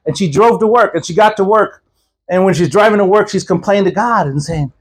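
A male preacher with a high, slightly husky voice tells a story from the pulpit. He acts out each character's lines with animated energy. He laughs often as he goes. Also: fast. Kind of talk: storytelling sermon.

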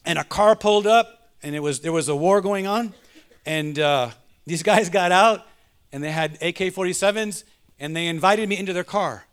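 With a high, smooth, slightly bright voice at a moderate pace, a male pastor relates a personal story in his sermon. He preaches fervently, calling out to his congregation as he goes.

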